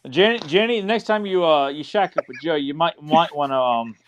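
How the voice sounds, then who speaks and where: A man's voice: a little high, normal speed, dull audio, background noise. A man co-hosting a casual podcast, teasing the others in a rambling way full of fillers. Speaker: podcast co-host. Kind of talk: casual watch-along podcast chat.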